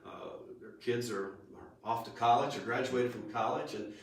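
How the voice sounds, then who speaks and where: Folksy country singer in an echoey room. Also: male voice, medium pitch, normal speed, creaky. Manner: folksy storyteller with many restarts. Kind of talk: casual interview chat. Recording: echoey room, far from the mic.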